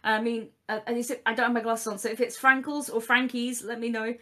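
A woman in casual group chat, blunt and reflective, swearing and getting animated when telling stories. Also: a little high, fast.

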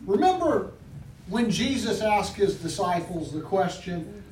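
A male pastor with a high voice preaches and prays in a fervent, repeating cadence. He sounds distant from the microphone in an echoey church sanctuary. Faint noise sits under his voice. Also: big pitch swings, measured pace, a little mellow. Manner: fervent, repeats praise words, restarts phrases. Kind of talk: sermon with spoken prayer. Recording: echoey room, far from mic, faint background noise.

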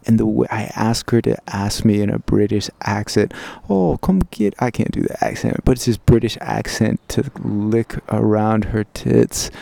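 A man recording an intimate personal audio diary, recounting a memory in a slow, halting, reflective way. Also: medium pitch, vocal fry, dark tone, dry recording. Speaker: diarist. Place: outdoor garden.

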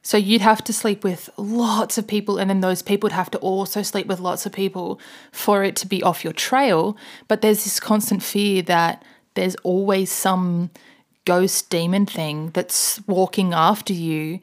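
A woman's voice: mid-range voice, fairly even intonation, a little slow. A woman co-hosting a podcast, chatting casually and rambling through a story with frequent laughs. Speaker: podcast co-host. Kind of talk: casual chat.

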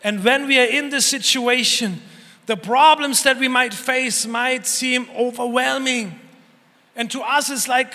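A man's voice: extremely high pitch, steady tone, unhurried, bright, forceful tone, big-room sound. A man preaching a sermon as pastor, earnestly, with emphatic repetition and voiced prayers. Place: church hall.

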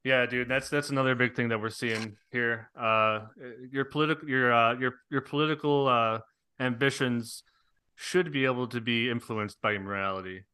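Laid-back male podcast co-host, smooth crisp voice, relaxed chatter. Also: mid-range voice, normal speed, no echo. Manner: laid-back, says dude and man a lot. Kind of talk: casual chat.

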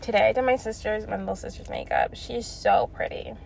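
A woman's voice: medium pitch, wildly swooping pitch, brisk, creaky. A young woman telling a story in a blunt, profane casual rant, laughing between lines. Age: young adult. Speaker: vlogger.

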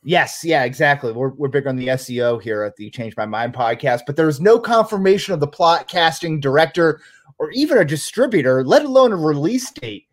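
A man's voice: fairly high pitch, lively intonation, a little fast. A man co-hosting a podcast in casual chat, joking and punning with a loose, rambling delivery. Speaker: podcast co-host.

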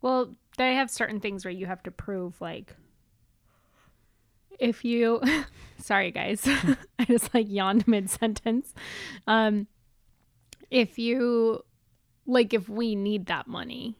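Slow-talking woman in casual chat. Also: fairly high pitch, no echo, clean studio sound. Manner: relaxed, chatty, teasing. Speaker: podcast co-host.

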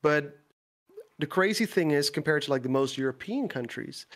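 A man's voice: a little high, normal speed. Dutch man chatting on a podcast. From Netherlands. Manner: relaxed, talks in long winding explanations with fillers. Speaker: guest. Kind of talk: casual podcast chat.

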